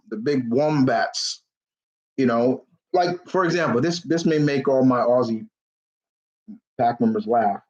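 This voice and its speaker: Guy rambling on a live q&a, excited, lots of um and like, kinda muffled lo-fi sound. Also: mid-range voice. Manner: enthusiastic, rambling, many fillers and restarts. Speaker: host of a live Q&A stream. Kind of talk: casual rambling chat.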